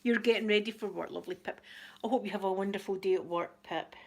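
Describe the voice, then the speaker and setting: A woman's voice: medium pitch, fairly even intonation, quick pace, vocal fry, darkish tone. A middle-aged Scottish woman hosting a casual live-stream chat, greeting viewers by name and laughing often. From Scotland. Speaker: YouTube channel host.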